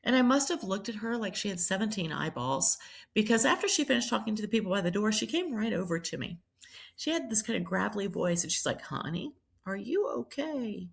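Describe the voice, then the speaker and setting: Gravelly woman telling her story. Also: medium pitch, expressive, fast. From Charleston, South Carolina. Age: middle-aged. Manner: reflective, many ums and restarts. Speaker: priest and nurse, guest. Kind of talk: personal storytelling in a podcast interview.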